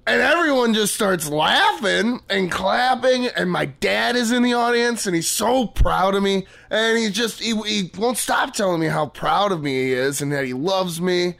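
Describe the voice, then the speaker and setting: A man's voice: sits high, animated, normal speed, creaky, hardly any pauses, fairly bright tone, full character voice. An actor playing a clueless young stand-up comic who rambles eagerly through his act as a radio guest. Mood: eager, rambling. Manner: rambling, eager, laughs at his own jokes. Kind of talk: comedy sketch acting. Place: radio studio.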